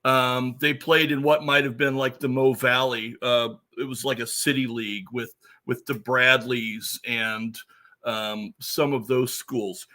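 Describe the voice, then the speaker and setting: A man with a bright, forceful voice talks on a casual podcast. He tells stories with gusto and plenty of restarts. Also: mid-range voice, flat delivery, unhurried. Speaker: podcast host.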